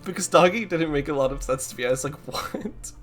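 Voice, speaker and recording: A man's voice: a little high, lively intonation, brisk, a bit bright, faint music behind. A man giving casual commentary while streaming a game, amused and laughing often. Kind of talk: casual let's-play commentary.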